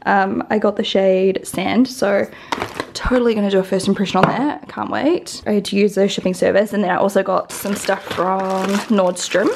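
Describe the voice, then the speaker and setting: A woman's voice: mid-range voice, steady tone, normal speed, gravelly, noisy background. A young woman from New Zealand vlogging at home in a casual, rambling way, with lots of "like" and "um" and a slight lisp. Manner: chatty, rambling, with many "like" and "um" fillers. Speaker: beauty vlogger. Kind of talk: casual vlog chat.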